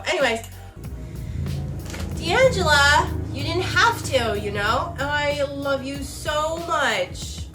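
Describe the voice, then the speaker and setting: A woman's voice: fairly high pitch, fairly bright tone. A young woman YouTuber gushing and giggling as she unboxes a gift on camera at home. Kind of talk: casual emotional unboxing chat. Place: home recording with someone filming. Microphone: camera mic, person filmed by someone else.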